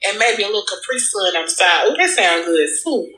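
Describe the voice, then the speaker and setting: Woman putting on a brash, bright-voiced sassy cousin. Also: mid-range voice, expressive, fairly quick. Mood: teasing. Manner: loud, sassy, profane banter with the chat. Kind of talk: livestream comedy character bit. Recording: echoey room.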